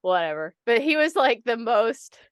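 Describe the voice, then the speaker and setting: A young adult woman co-hosting a podcast in casual chat, animated and swearing, acting out people's reactions. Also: fairly high pitch, normal speed, clean tone, no room sound, studio quality. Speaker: podcast co-host.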